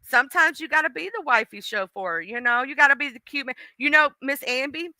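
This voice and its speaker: A woman's voice: high-pitched, brisk, pushed and bright, no echo. A woman hosting a livestream, chatting casually and gossiping with viewers, greeting commenters by name with slangy asides. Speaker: livestream host.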